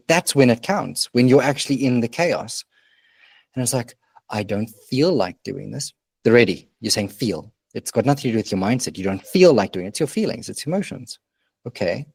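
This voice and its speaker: Husky and darkish in tone, his voice sitting in the mid range, this podcast co-host gives earnest, emphatic coaching in a casual conversation and swears from time to time. The recording carries no room sound.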